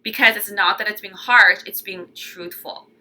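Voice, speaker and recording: A young woman talks through a tarot forecast in a casual, chatty way. Her voice is very bright and clear at a middle pitch. She gets animated and often acts out the lines of the people she describes. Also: normal speed. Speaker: tarot reader.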